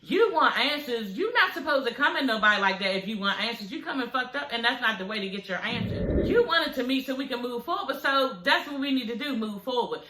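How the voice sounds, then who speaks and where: A woman's voice: a little high, animated, fairly quick, few pauses, sharp tone, roomy sound, low-quality recording. A woman recapping a reality TV episode for her viewers in a sassy, gossipy, profane way, talking straight to them. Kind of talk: casual recap vlog.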